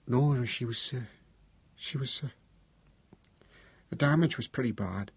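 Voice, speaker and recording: A man plays a shaken older father in an audiobook, halting and hesitant, with many pauses. His voice is pitched a touch higher than the narrator's and sounds husky. Gravelly texture runs underneath. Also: no room sound. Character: shaken older father, grieving, formerly a doctor.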